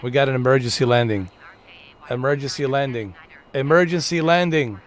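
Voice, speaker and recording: A man's voice: medium pitch, moderate pace. A young man casually commenting on his own live gameplay stream, joking, swearing and narrating in a mock-dramatic way.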